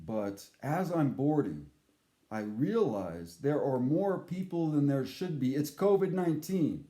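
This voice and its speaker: A man telling a story in a casual monologue, animated and profane, acting out the voices he quotes. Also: fairly high pitch, a little slow, reverberant.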